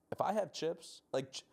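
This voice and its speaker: A man's voice: on the high side, vocal fry, darkish tone, breathy edge. A young man co-hosting a podcast in casual chat, playful and teasing, often repeating himself. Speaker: podcast co-host.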